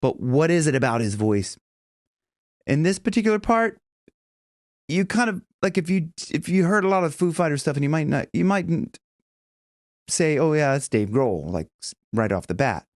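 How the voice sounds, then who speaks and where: A man coaching singers in a loose, rambling way. His pitch jumps around a lot and he keeps slipping into high sung demonstrations. The recording is dry and close-up. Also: very animated, moderate pace, no room sound. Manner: chatty, rambling, breaks into high sung examples and vocal fry. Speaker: vocal coach. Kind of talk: casual vocal lesson with sung demonstrations.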